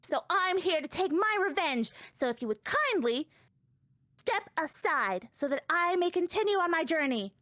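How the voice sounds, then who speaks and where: A woman's voice: extremely high pitch, sing-song, moderate pace, fairly bright tone, no echo, pitched above the performer's own voice, exaggerated voice. A haughty, sassy tiny girl who speaks in a raised, lofty voice, as a woman puts her on. She is determined and dismissive, in a dry, close sound.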